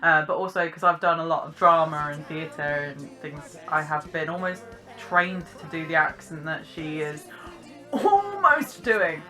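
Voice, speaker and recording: Soft music plays behind a young woman from Britain, a vlogger, as she comments casually at a normal pace. Her voice is low-pitched yet bright and clear, with a posh English accent and the lively, crisp enunciation of theatre training.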